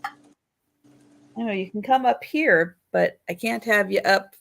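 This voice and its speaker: A woman's voice: medium pitch, gravelly, fairly bright tone. A woman hosting a live online sale, calling out bids and patiently explaining each item. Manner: slow, patient, explaining items. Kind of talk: live-stream auction chat.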